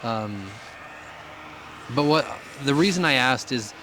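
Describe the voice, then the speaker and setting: A man hosts a podcast interview, offering gentle and supportive follow-ups to his guest. He sits a little back from the mic, with a faint hum of noise behind him. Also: mid-range voice, animated, slow pace. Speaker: podcast host. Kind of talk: casual interview.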